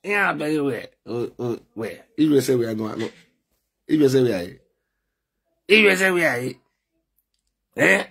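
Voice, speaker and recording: Husky Nigerian Pidgin man hosting a live. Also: fairly high pitch. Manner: calls out loudly to viewers, animated. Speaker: live stream host. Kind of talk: live stream chat with viewers.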